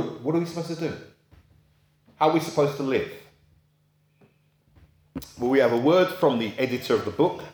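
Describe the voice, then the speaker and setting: A man preaching a sermon in a chatty, storytelling manner, asking his listeners rhetorical questions. His voice sits in the middle range for a man and carries a noticeable room echo. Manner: acts out quoted voices in a high pitch.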